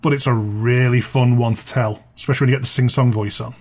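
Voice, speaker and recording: A man's voice: medium pitch, steady tone, fast, music in the background. Wry storyteller man. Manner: wry, chatty, dryly amused. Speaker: podcast host and storyteller. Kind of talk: spooky story narration.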